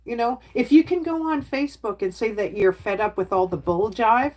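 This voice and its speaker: A woman's voice: fairly high pitch, normal speed, a little mellow. A middle-aged woman chatting candidly with her viewers on a casual livestream. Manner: candid, talks straight to chat, plain-spoken.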